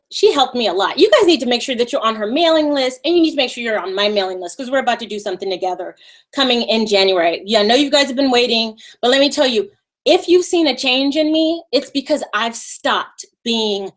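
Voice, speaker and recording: A woman with a high, bright Valley Girl voice talks to her live-stream viewers. She is sassy and animated and drops mocking asides. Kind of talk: casual live-stream talk.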